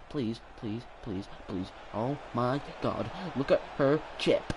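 A young man commentating his own live gameplay stream, excitable, swearing and yelling at the game. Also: mid-range voice, takes it slowly, noisy background. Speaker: gaming streamer.

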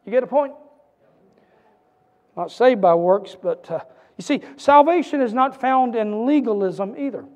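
A man preaching a sermon as pastor, with a repetitive, building cadence that rises to shouts. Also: extremely high pitch, expressive, a little slow, long pauses. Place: church sanctuary. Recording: church hall reverb.

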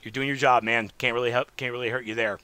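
A man hosting a casual solo gaming podcast, rambling and animated, swinging between loud remarks and muttered asides. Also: mid-range voice, quick pace, clear, resonant tone, no room sound. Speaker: podcast host.

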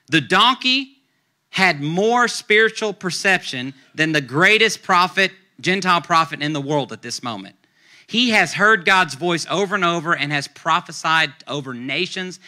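Guy pastor preaching, super bright voice, kinda high, acts out the story casual like. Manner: animated storytelling, acts out characters' lines; conversational, uses casual slang. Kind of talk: sermon.

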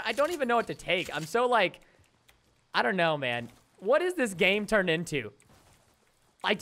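A young gaming YouTuber with a high, bright, forceful voice provides casual commentary while playing a video game. He's chatty and mock-grumbling, tossing joking asides to viewers.

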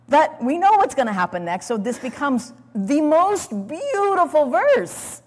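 A woman teaching a sermon on scripture, dramatic and expressive, acting out the lines she quotes and calling for the next slide. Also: high-pitched, measured pace, hardly any pauses. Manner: speaks to an audience, calls for slides. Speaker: Bible teacher. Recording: long hall reverb.

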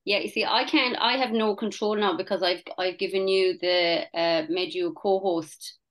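A woman's voice: medium pitch, steady tone, fairly bright tone. Hesitant woman on a video call. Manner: hesitant, halting.

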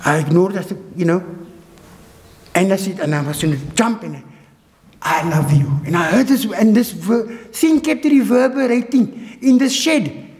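A man with a South African accent preaching a sermon, telling an emotional testimony that swings between urgent high phrases and hushed low ones. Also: animated, moderate pace, big-room sound. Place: church hall.

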